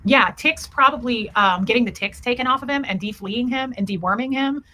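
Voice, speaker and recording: Bright-voiced woman chatting on a livestream. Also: on the high side, brisk, slight background noise. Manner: chatty, greets viewers by name, rambling asides. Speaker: livestream host greeting viewers. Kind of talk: casual livestream chat.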